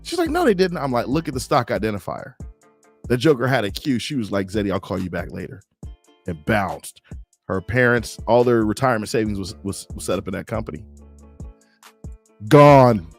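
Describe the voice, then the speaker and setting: A man co-hosting a casual live-stream chat, an animated storyteller who jumps into high voices when he quotes people. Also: a little fast, creaky, soft background music. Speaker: co-host. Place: home studio on a live stream.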